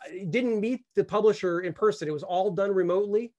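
A man's voice: high-pitched, fairly quick, warm tone, muffled recording. A man hosting a live interview, asking thoughtful, somewhat hesitant questions with plenty of fillers. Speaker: host.

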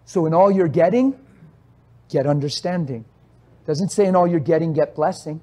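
A man preaching as a pastor, impassioned and pleading, firing off rhetorical questions and swinging between hushed, quiet passages and loud outbursts. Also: on the high side, lively intonation. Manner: asks rapid rhetorical questions. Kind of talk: sermon.

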